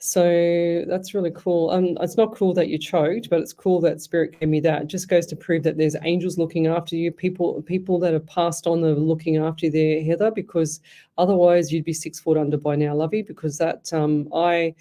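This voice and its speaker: A woman's voice: low voice, level tone, normal speed, dark tone. An Australian woman hosting a live psychic radio show, chatty and effusive, rambling through stories. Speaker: psychic medium radio host. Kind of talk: casual live radio chat.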